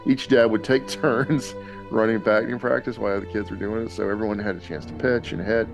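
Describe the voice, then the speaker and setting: A man casually telling lively anecdotes on a podcast, laughing often. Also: on the low side, fairly quick, creaky, over music. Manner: animated storyteller, laughs often. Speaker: podcast guest dad. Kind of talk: casual storytelling.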